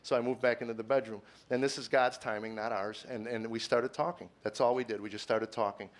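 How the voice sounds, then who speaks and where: Middle-aged man, stand-up comic, earnest confessional delivery, halting repeats, shifts from quiet to preachy, mid pitch. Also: steady tone. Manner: earnest, stammers with repeated words, swings from quiet musing to emphatic preaching. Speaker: comedian. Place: stage before a live audience.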